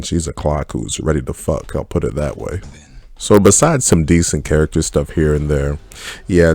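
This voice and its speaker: A man's voice: very deep voice, darkish tone, no room sound. A man giving a casual, blunt spoken review of a TV series, swearing freely and speaking his mind. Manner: blunt, profane, candid opinions. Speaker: film and TV reviewer.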